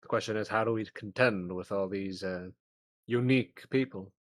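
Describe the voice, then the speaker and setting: A man's voice: lowish voice, normal speed. A man playing a tabletop horror game, talking in character with formal, old-fashioned phrasing. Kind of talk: in-character roleplay.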